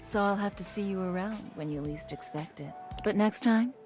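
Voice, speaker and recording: A woman's voice: mid-range voice, moderate pace, darkish tone, faint music behind, lightly acted. A woman doing a flirtatious fantasy-chamber keeper. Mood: flirty. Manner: theatrical, flirtatious, flowery.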